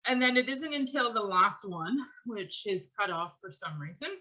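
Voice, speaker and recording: A woman's voice: medium pitch, lively intonation, normal speed, bright, forceful tone, rough recording. A woman teaching a vocal class, talking in long run-on phrases and laughing between thoughts. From Canada. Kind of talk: online class lecture.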